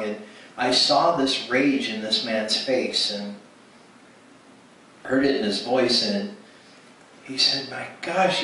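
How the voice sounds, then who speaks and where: A man's voice: mid-range voice, a bit bright. Man telling a testimony in an echoey hall. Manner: storytelling, acts out quoted dialogue with frequent restarts. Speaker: speaker at ministry event. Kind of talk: testimony sermon. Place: church hall. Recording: echoey hall from far off, faint noise.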